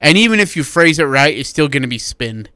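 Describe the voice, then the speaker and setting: A man co-hosting a sports talk radio show, giving animated opinions in casual chat. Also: on the high side, a little fast, clean tone, dry recording.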